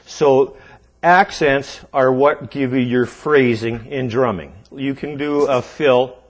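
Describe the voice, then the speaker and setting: A man's voice: medium pitch, slow. A man teaching drums, counting beats aloud as he demonstrates and checking in with the viewer often. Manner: counts rhythms aloud while playing; relaxed, checks in often with okay and all right. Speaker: drum teacher. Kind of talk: instructional demonstration.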